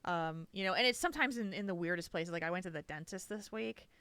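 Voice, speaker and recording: A woman co-hosting a chat podcast tells personal stories in an animated, emotional way and laughs easily. Her voice is bright and smooth. The recording is close and dry. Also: on the low side, fast, no echo. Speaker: podcast co-host. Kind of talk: casual chat.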